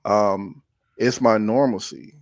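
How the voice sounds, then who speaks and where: A man hosting a podcast, speaking haltingly and openly, often restarting his sentences. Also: fairly low pitch, fairly even intonation, no room sound, clean studio sound. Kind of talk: casual conversation.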